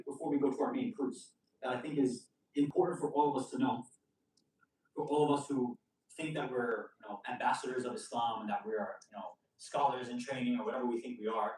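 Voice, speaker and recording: A man's voice: mid-range voice, a little mellow, slight background noise. A man giving a conversational storytelling sermon with casual asides. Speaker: preacher giving a majlis lecture. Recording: echoey hall, voice from a distant mic.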